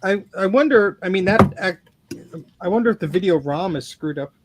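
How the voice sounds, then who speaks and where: A man chatting on a live repair stream, excitable and self-mocking, laughing often. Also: sits high, moderate pace, noisy background. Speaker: guest repairing vintage computers. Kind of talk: casual livestream chat while repairing.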